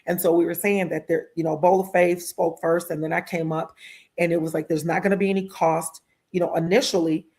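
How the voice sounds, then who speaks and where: A woman guest in an interview, telling stories in a heartfelt, animated way and acting out other people's lines. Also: on the low side, a little fast. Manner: heartfelt and emotional, with religious exclamations. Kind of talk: conversational storytelling interview.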